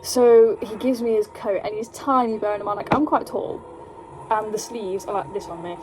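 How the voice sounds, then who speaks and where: A young woman with an English accent telling a rambling, animated story at home while doing her makeup, full of "like". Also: mid-range voice, normal speed, background noise. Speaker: vlogger. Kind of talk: casual storytime chat.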